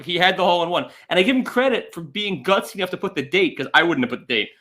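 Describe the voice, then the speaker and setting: A man guesting on a comedy podcast, his voice on the higher side and very lively in pitch. He throws in quick wisecracks and mock-outraged complaints. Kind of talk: casual comedic chat.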